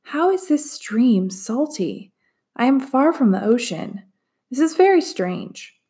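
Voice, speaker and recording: Woman doing a bright, curious young girl. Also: high-pitched, very animated, takes it slowly, voice pushed up, full character voice. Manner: eager, exclaiming.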